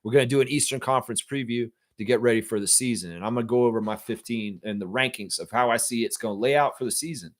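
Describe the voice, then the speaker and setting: A man's voice: medium pitch, fast, hardly any pauses. A man hosting a sports-fan live stream, chatting loosely, swearing and reading viewer comments. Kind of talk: casual live-stream chat.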